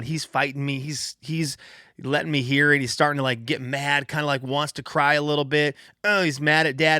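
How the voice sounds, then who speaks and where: A man's voice: medium pitch, no echo, studio quality. A man, hosting a casual solo podcast and telling stories animatedly, acting out what his kids say. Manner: animated storytelling, acts out quotes of his kids. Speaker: podcast host.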